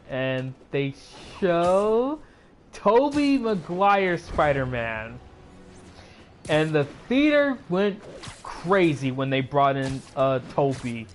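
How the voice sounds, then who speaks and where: A man with a slightly high voice talks through a movie he just saw, casual and excitable. He rambles and restarts his sentences, leaning on fillers as he goes. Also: slow, a little hiss or hum. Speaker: YouTuber.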